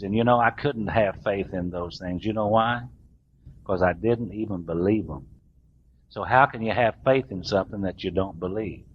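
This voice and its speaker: A middle-aged man, telling his recovery story to a meeting in a folksy, self-mocking way. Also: deep voice. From US South. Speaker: recovering alcoholic speaker. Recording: dull lo-fi recording, faint room hiss.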